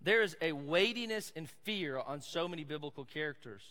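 A man's voice: a little high, animated, a little fast, bright, forceful tone, in a large hall. A man with a Southern American accent preaching a sermon as pastor, casual and conversational with asides to the audience.

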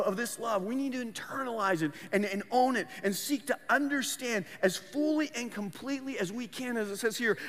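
A man's voice: high voice, fairly bright tone. A man preaching a sermon as pastor, earnest, often repeating words as he restarts his phrases. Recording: long hall reverb.

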